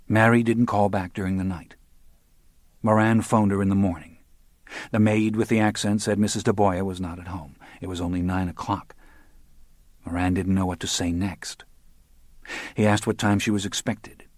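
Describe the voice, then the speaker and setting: A man narrating a crime novel audiobook in a measured storytelling manner. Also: deep voice, steady tone, dry recording, clean studio sound. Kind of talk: scripted narration.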